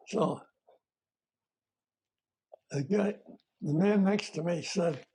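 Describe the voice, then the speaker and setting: Older veteran man, husky, halting. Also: a little high, warm tone. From United States. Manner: plain-spoken, halting, with fillers and self-corrections. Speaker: retired army veteran. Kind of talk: oral history recollection.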